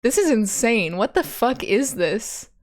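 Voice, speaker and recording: A woman's voice: a little high, lively intonation, a little slow. Giggly young woman streaming a game. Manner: giggly, swears casually. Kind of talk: casual game commentary and reading dialogue.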